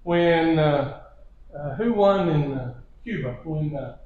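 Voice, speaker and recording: Preacher, male, high-pitched, chuckling storyteller, roomy church sound. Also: slow pace, phone-quality sound. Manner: storytelling with repeated phrases and chuckles. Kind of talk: sermon lesson. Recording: echoey church hall.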